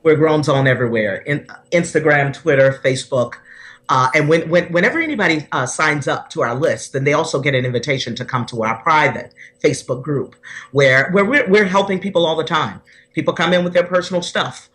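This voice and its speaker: A woman's voice: low-pitched, expressive, brisk, a bit bright. A woman personal development coach speaking earnestly and from the heart as a podcast guest, often restarting her sentences.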